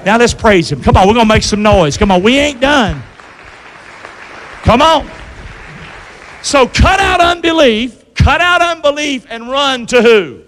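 Male pastor, high voice, call-and-response sermon, long church reverb. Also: animated, measured pace, pauses often, a bit bright, a faint crowd. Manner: call-and-response preaching, asks congregation to repeat. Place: church sanctuary.

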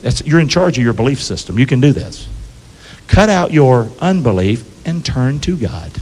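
A pastor preaching a sermon to his church, calling out questions for the congregation to answer back and asking them to repeat lines. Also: high voice. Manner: call-and-response preaching, asks congregation to repeat. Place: church sanctuary. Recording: long hall reverb.

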